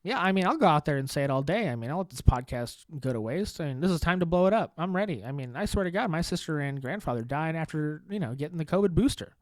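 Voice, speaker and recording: A man hosting a solo comedy podcast, rambling in a deadpan, sarcastic way with swearing and restarts. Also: fairly high pitch, quick pace, few pauses, dry recording. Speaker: podcast host.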